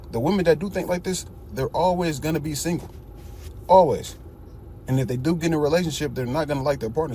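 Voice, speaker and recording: A man's voice: mid-range voice, a little mellow, a little hiss or hum. A man speaking bluntly and emphatically in a casual chat.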